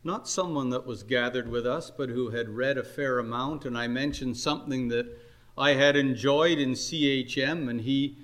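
An older man preaching a sermon, earnest and unhurried, his voice climbing on emphatic questions. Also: mid-range voice, fairly bright tone. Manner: earnest, slow exhortation with rising emphatic questions.

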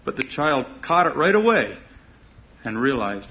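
A man's voice: mid-range voice, very animated, a little slow. A man preaching a sermon in an earnest, emphatic way, swelling on key words. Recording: muffled lo-fi recording.

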